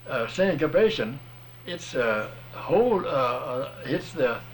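A plain-spoken man talks through a point step by step, in a folksy, patient manner. His voice sits at an ordinary middle pitch. A faint hiss and some outdoor ambience sit behind him. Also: expressive, measured pace. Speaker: music teacher explaining rhythm. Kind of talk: casual explanation.

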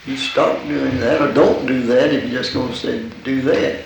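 A man being interviewed, answering deliberately and a little hesitantly in plain speech. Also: mid-range voice, fairly even intonation, creaky. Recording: very echoey room, faint hiss.

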